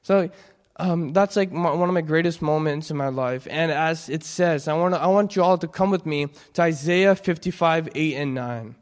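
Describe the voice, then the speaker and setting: A young man giving an earnest, halting personal testimony in church, full of restarts. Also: a little high. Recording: long hall reverb.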